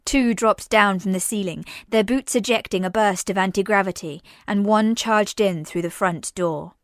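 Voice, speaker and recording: A woman narrating a science-fiction audio drama in a measured, unhurried voice. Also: mid-range voice, no echo, studio quality.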